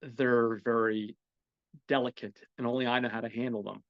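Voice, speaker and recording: A frazzled restaurant owner, stressed to the bone and stammering in panic, as a man puts him on. The pitch jumps higher when he yells. The sound is dry and a little dull. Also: level tone, normal speed, no room sound, close to an everyday voice. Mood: indignant. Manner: shouting in disbelief, flustered and stammering.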